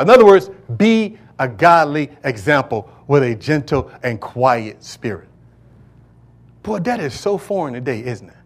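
A male pastor preaching in a church service, his voice sitting fairly high for a man. He throws questions to the congregation and waits for them to complete each phrase. He drops into low, joking asides between loud, ringing declarations. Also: big pitch swings, unhurried. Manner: call-and-response preaching, asks congregation to fill in words. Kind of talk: sermon.

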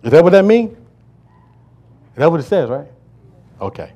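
A male pastor delivering a sermon to a congregation, joking and asking the listeners to fill in words, swinging between loud declarations and low asides. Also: very animated, normal speed. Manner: call-and-response preaching, asks congregation to fill in words. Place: church service before a congregation.

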